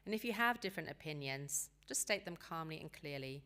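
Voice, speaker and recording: A woman giving a seminar talk on parenting teenagers, calm and practical, sometimes acting out what parents and teens might say. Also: low-pitched, brisk. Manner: calm, practical advice, acts out quoted dialogue.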